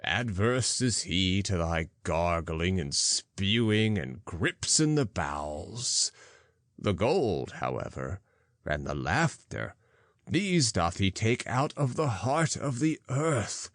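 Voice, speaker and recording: A man's voice: low voice, very animated, takes it slowly, fairly bright tone, no room sound, exaggerated voice. A man reading as a solemn old-style prophet. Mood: mocking. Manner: archaic, declamatory. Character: solemn prophet speaking in parables.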